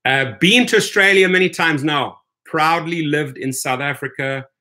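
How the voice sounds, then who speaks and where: A man's voice: fairly high pitch, normal speed, bright, forceful tone. Emphatic man ranting on a live stream. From Washington, D.C., USA. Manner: emphatic, keeps adding "right?"; addresses viewers as "my friends". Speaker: rideshare channel host. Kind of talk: live stream commentary, reading chat.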